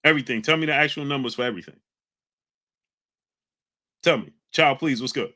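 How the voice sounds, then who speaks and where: A man's voice: mid-range voice, a little fast. Fired-up man hosting a live chat. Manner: combative, shouts out chat names. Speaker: livestream host reading chat. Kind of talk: heated live-stream talk.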